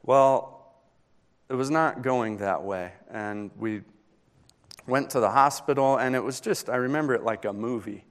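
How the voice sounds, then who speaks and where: A young adult man, a pastor, preaching a sermon and telling a personal story in an earnest, pausing way that builds in intensity. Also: mid-range voice.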